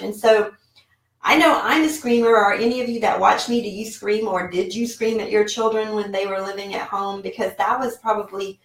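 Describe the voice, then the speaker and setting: A woman's voice: medium pitch, gravelly. Woman rambling through a casual vlog, lots of ums, echoey room, mic kinda far. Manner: chatty, rambling, with many fillers. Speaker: online seller and vlogger. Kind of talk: casual talking-head vlog. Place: home office room. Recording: roomy echo, mic set back.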